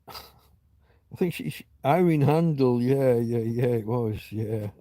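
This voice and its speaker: A middle-aged livestream host takes it slowly in a dark, mid-range voice, with no room sound around him. Chatting casually from home on his phone, he meanders, reminisces, and keeps trailing off and starting his thoughts anew.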